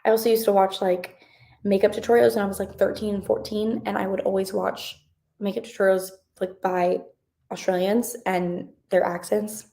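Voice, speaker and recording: A young woman in her twenties hosts a live reading stream, chatting casually and answering comments in a bubbly, rambling way full of fillers as she reads chat aloud. Her medium-pitched voice is warm with vocal fry, delivered flatly at a normal speed.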